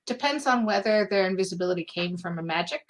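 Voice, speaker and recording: A woman's voice: medium pitch, animated, fast talker. A woman playing a tabletop game who speaks eagerly and describes her character in the third person. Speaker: player. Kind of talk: casual tabletop play.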